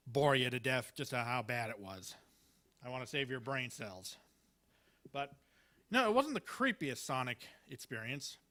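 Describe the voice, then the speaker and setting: A man's voice: mid-range voice, pushed and bright. A man performing at an open mic, reading Halloween one-liners in a hesitant, rambling way full of fillers and restarts. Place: small live venue.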